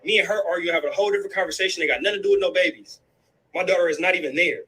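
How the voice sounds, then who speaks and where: A man's voice: high voice, rapid-fire, pushed and bright, low-quality recording. A man in a heated, profane rant, angry and repeating himself, tossing in "bro" again and again. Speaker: guest in a livestream clip.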